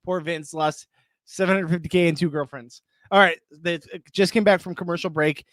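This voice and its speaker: A man's voice: fairly high pitch, fairly even intonation, moderate pace, a bit bright, no echo. A man casually chatting on a live reaction stream, greeting viewers, laughing often, close to the mic. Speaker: reality show reaction host.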